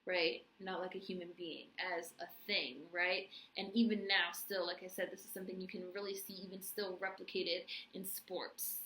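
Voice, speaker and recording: A woman's voice: fairly low pitch, steady tone, normal speed, few pauses, sharp tone, roomy sound, a little hiss or hum, poor audio. A woman giving a casual spoken TV review, emphatic and full of "right?" asides. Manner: emphatic, frequent "right?" and "like" fillers. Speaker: TV recap vlogger.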